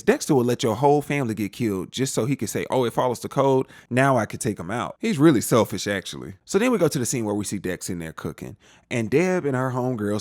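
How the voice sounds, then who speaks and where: A man's voice: medium pitch, darkish tone, dry recording, studio quality. A man giving a casual, slangy spoiler recap of a TV episode, talking straight to the viewer. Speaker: TV show reviewer.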